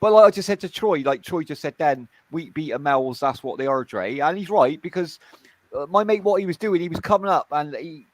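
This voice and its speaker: A man's voice: fairly high pitch, animated, brisk, dry recording. Guy ranting to a mate on voice chat, swears a ton, repeats himself, dry sound. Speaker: streamer. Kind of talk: casual chat.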